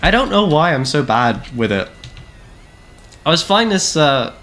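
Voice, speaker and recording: A man's voice: a little high, very animated, measured pace, a bit bright, slight background noise. A man, chatting casually and rambling with self-deprecating jokes while streaming a game. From Canada. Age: 20s. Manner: rambling, self-deprecating, jokey, lots of "like" fillers. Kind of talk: casual gameplay live-stream chat.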